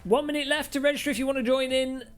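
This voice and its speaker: A man with an extremely high-pitched, steady voice talks very fast while hosting a live stream, with faint music behind him. He chats casually and rambles, joking and poking fun at himself as he sim races.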